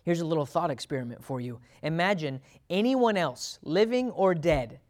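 A man's voice: on the high side, expressive, normal speed, a little mellow. A man teaching a Bible sermon in a conversational way, laughing often and acting out quotes with a lifted voice. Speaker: preacher.

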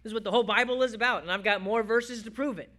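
A male pastor delivers a sermon to his church in a high, bright voice. He swings from loud, emphatic stretches down to near-whispered quiet on the lines he wants to land. The delivery is a preacher's, building and releasing as he goes. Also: very fast.

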